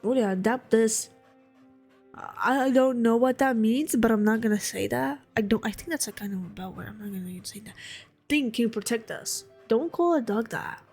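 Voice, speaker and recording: A young woman playing a game, reading its lines aloud and talking back to it excitedly. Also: on the high side, moderate pace, soft background music. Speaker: gamer streamer. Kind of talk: let's play, reading dialogue aloud.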